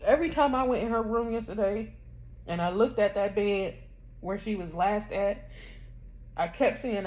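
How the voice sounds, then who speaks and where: Grieving woman, halting, dull phone audio. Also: mid-range voice. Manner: halting, rambling, grief-stricken storytelling. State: grieving, near tears. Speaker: vlogger. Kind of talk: emotional personal confession vlog. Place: her bedroom at home. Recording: dull muffled sound with faint background hum.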